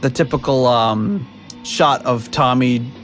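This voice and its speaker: A man's voice: mid-range voice, slow, faint music behind. A man hosting a podcast in casual chat over a video call, rambling with lots of fillers and frequent laughs. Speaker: podcast host.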